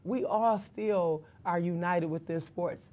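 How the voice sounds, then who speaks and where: A woman's voice: on the low side, slow pace, highs cut off. A woman guest on an interview podcast, a former basketball player and referee, talking earnestly about her life and preaching self-belief. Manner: earnest, preachy when giving advice. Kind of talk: casual interview chat.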